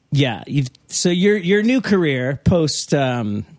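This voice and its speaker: A man's voice: a little high, big pitch swings, extremely slow, creaky, darkish tone. A man hosting a casual podcast interview, giving short replies and recapping for his guest. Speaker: podcast host.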